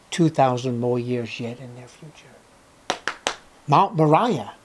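A man preaching a sermon, telling a story dramatically, asking the listeners questions and dropping to hushed near-whispers for emphasis. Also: a little high, breathy edge. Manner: asks the listeners rhetorical questions.

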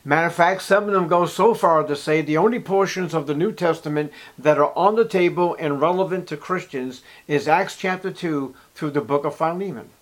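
Male pastor, sermon delivery, emphatic, fairly high-pitched. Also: normal speed, few pauses. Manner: emphatic preaching that swings between loud and hushed; reads scripture aloud.

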